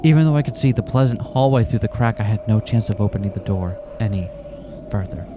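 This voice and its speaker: A man's voice: on the low side, quick pace, heavy background noise, lightly acted. A man reading a visual novel aloud, voicing a terrified young man trapped in a room, tense and close to panic. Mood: uneasy. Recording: music playing behind.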